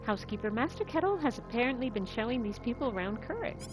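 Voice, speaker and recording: A woman's voice: on the high side, big pitch swings, quick pace, pitched above the performer's own voice, poor audio. Woman doing a polite fussing housekeeper. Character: polite female housekeeper, deferential. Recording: game music playing behind.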